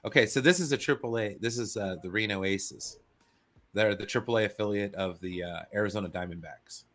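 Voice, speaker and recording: A guest co-host from Northern California talks sports on a stream, his bright, sharp voice on the low side and fairly quick. He's enthusiastic and casual, swearing freely and calling everyone "dude."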